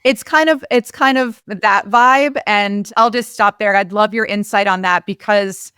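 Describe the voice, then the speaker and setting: A woman's voice: mid-range voice, unhurried, bright, forceful tone, smooth, dry recording, studio quality. A woman podcast host speaking earnestly and reflectively in a casual interview.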